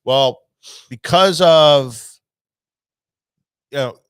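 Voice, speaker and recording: A man's voice: mid-range voice, very slow, smooth, dry recording. Rambling storytelling man, dry sound. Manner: rambling, animated storyteller with many restarts. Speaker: tackle shop owner, show host. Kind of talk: casual storytelling chat.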